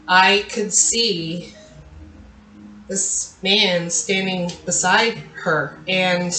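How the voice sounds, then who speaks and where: A woman's voice: lowish voice, a bit bright. A woman host speaking candidly to her listeners, telling a personal story in a confiding way with frequent fillers. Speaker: therapist and channel host. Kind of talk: personal talk to camera. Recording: roomy echo with faint ambience.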